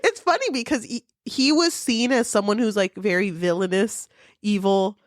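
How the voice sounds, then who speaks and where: A woman co-hosting a book podcast, excited and swearing casually as she talks through a story, laughing often. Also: medium pitch, normal speed, no room sound, clean studio sound. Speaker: podcast co-host.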